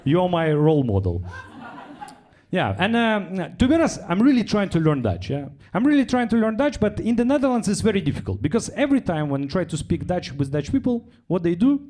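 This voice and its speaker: Russian-accented man, lively stand-up. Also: fast talker, hardly any pauses. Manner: chatty, tags lines with "yeah?"; drops into deadpan low voices for quoted lines. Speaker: stand-up comedian. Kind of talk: stand-up set. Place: comedy club stage.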